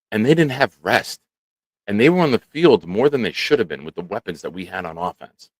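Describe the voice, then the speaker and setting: A man hosting a casual live stream, animated and chatting with viewers by name. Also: medium pitch, normal speed, dry recording. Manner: animated, talks to chat by name. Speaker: show host. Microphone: studio microphone.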